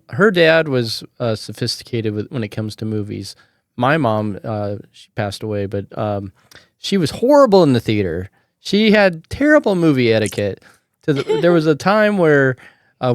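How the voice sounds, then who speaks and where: A man's voice: mid-range voice, no echo, clean studio sound. A man hosting a podcast, telling stories casually and acting out the people in them, with some swearing. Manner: animated, acts out quotes, casual swearing. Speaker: podcast host. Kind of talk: casual storytelling chat.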